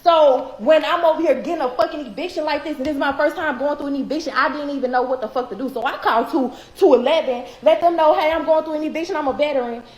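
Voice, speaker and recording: A woman's voice: sits high, fast talker, hardly any pauses. A woman in her twenties ranting angrily about her eviction, swearing and repeating herself for emphasis. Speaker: tenant telling her eviction story. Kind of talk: angry profane rant. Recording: echoey room with faint noise.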